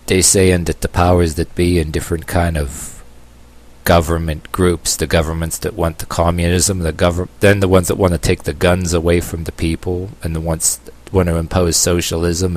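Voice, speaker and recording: A man with a very low, rumbling voice talks to his camera in a loose, rambling monologue. He stops and restarts often, fills the gaps with "uh," and slips in sarcastic remarks as he goes. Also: level tone, a little mellow. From United States. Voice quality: long-haired, calls himself a hippie. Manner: halting, many uh fillers and restarts, sarcastic asides. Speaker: vlogger.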